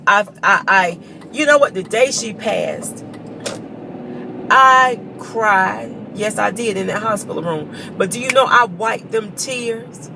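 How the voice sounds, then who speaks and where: A woman's voice: mid-range voice, takes it slowly, creaky, background noise. A woman giving a personal testimony to her viewers, earnest and emotional, choked up at times and calling them y'all. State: choked up with tears. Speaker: vlogger.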